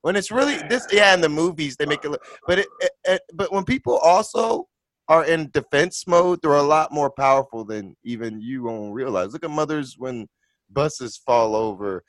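A man's voice: fairly high pitch, animated, normal speed, fairly bright tone, no echo. A man in casual group chat, rambling and restarting his sentences. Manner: rambling, many restarts and "I'm just saying".

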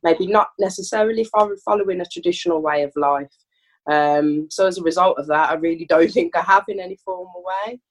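A woman in her thirties with a Birmingham accent, a podcast guest telling her story in a reflective, measured way. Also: lowish voice. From England, Birmingham. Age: 30s. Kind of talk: casual chat.

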